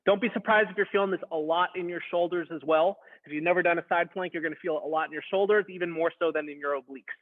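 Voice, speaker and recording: A man's voice: fairly high pitch, fairly even intonation, quick pace. A man instructing a beginner workout, coaching in a casual, encouraging way while straining through a plank. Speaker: fitness instructor. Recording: tinny phone-like sound.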